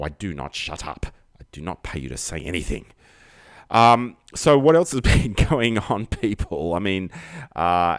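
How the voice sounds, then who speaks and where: A man's voice: deep voice, no room sound, clean studio sound. A man hosting a livestream, rambling through a comic monologue with self-mocking jokey asides. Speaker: livestream comedy host.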